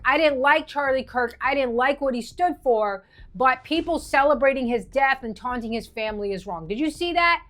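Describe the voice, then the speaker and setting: Woman, high-pitched voice, indignant commentary monologue, emphatic, rapid rhetorical questions. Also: fairly bright tone. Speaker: political commentator.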